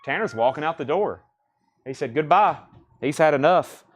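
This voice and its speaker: A man hosting a live-streamed record sale, reading out titles, prices and bids in brisk auctioneer-style calls. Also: a little high, expressive, husky. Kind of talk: live-stream sales patter.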